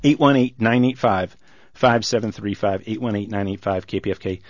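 Low-voiced radio host repeating a phone number. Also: male voice, moderate pace, no echo. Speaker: radio host running a pledge drive. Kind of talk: pledge drive announcement. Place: radio studio. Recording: dull lo-fi radio broadcast, dry.

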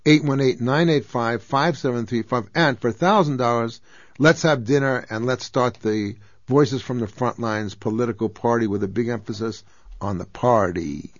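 A man appearing as a guest on a radio pledge drive, making an emphatic fundraising appeal that rises to loud exclamations. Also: mid-range voice, moderate pace, dry recording. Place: radio studio. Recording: dull lo-fi radio broadcast, dry.

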